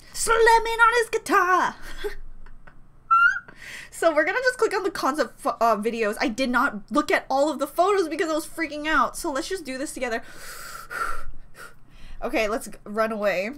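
A woman's voice: high-pitched, pushed and bright, a little hiss or hum. A woman reacting to music content as a fan vlogger, rambling giddily between squeals and laughs. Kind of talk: excited fan reaction chat.

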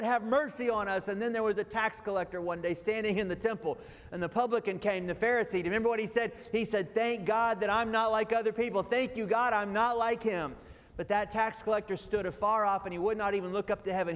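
A man's voice: high-pitched, long reverb tail. A man preaching a sermon as pastor, raising his voice for emphasis and acting out the lines he quotes.

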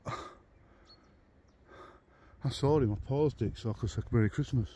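A man's voice: mid-range voice, normal speed, dark tone, a little hiss or hum. A man vlogging on a walk through the woods, shaken, stammering and swearing under his breath. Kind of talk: walking outdoor vlog. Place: outdoors in woods.

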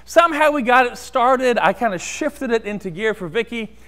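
A man preaching a sermon in a church sanctuary, telling a personal story in an animated, conversational way. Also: extremely high pitch, moderate pace. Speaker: pastor.

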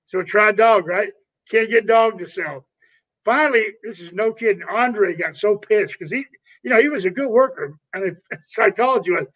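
Older guy, high voice, swears a lot, rambling war stories, kinda dull muffled audio. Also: moderate pace, a bit bright. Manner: rambling, profane, calls people brother. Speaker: retired pro wrestler, interview guest. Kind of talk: casual storytelling interview.

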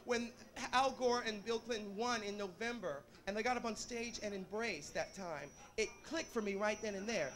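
Performing in drag on a nightclub stage, this Atlanta, Georgia man works the crowd on a handheld mic with campy, sassy banter, a bubbly laugh, and lots of "honey" and "baby." His voice is high and sharp-toned, lively in intonation, at a moderate pace with hardly any pauses, and the live recording carries a noisy crowd.

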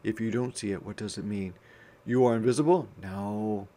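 A man's voice: medium pitch, expressive, a little slow, dark tone. A male teacher giving an interactive read-aloud for young children, asking questions and answering his own prompts.

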